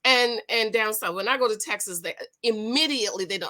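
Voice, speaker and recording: A woman from the Northeast United States with a New York accent, reviewing a dating show in lively, casual chat to her viewers. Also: mid-range voice, a little fast. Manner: animated, lively, playful asides to viewers.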